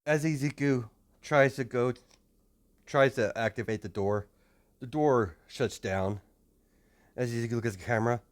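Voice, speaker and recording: A man's voice: medium pitch, moderate pace, pauses often. A man improvising a fan story narration, rambling and hesitant with many restarts.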